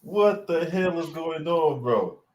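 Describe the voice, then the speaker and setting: Guy reacting slow in a chat, kinda high voice, lots of oh my god. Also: expressive, dull audio, crowd noise. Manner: reacts with exclamations and laughter. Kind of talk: casual chat.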